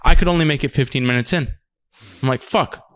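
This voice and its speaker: A man's voice: medium pitch, quick pace, fairly bright tone, no echo, studio quality. A man co-hosting a podcast in casual chat, laid-back and swearing freely as he laughs along. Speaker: podcast co-host. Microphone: remote podcast recording.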